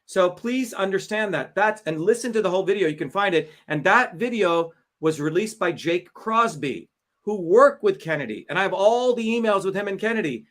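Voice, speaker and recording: A man's voice: sits high, expressive, moderate pace, fairly bright tone. A man hosting a livestream, delivering heated, combative political commentary with profanity and mockery. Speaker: livestream host.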